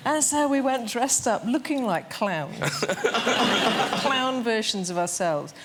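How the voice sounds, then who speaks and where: A woman's voice: on the high side, animated, slow, noisy background. A woman guest on a talk show telling a comic anecdote, laughing often and quoting others in funny voices.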